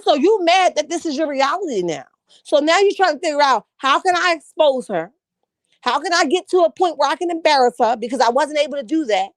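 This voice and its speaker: Woman livestream host, sassy and emphatic, fairly high voice, dry close mic. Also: animated, brisk, no room sound. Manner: sassy, emphatic, talks back to chat. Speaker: livestream host reading chat. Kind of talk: casual livestream commentary.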